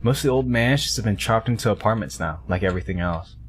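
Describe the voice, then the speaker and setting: A man's voice: expressive, quick pace, a little hiss or hum. A man streaming a game, reading its narration and dialogue aloud and chatting between lines. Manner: reads narration and dialogue, jumps up in pitch for characters.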